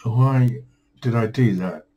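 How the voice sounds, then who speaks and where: A man's voice: mid-range voice, takes it slowly, muffled recording. A tired man rambling through a home vlog, weary and self-deprecating, grumbling at himself. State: tired, yawning. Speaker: vlogger.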